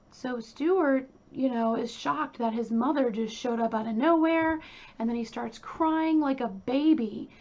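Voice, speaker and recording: A woman's voice: a little high, darkish tone. A woman casually retelling a true crime case in blunt, informal language, on a dull lo-fi recording. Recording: dull lo-fi recording with faint ambience.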